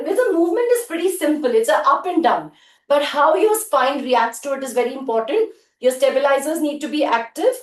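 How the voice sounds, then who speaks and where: A woman leading a live group workout, counting reps and giving short cues and praise. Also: high-pitched. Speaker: fitness instructor. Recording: echoey room.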